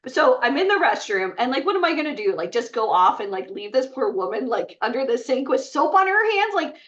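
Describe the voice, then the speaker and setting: Woman, storyteller, chatty, filler words, slightly high voice, distant dull recording. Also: brisk. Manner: chatty, many "like" fillers, lively retelling. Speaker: bootcamp speaker. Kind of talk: storytelling talk to a live group.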